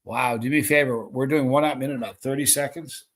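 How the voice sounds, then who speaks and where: A man hosting a live stream, reading viewer comments aloud and calling out excited countdowns. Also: mid-range voice, fast.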